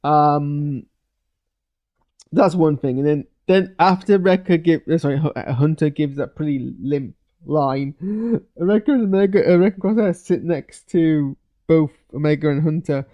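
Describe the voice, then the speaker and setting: A man giving a loose, hesitant live reaction to a TV episode, full of fillers and restarts, with sudden bursts of excitement. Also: on the high side, a little slow, muffled recording. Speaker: video reviewer. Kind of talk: live post-watch reaction.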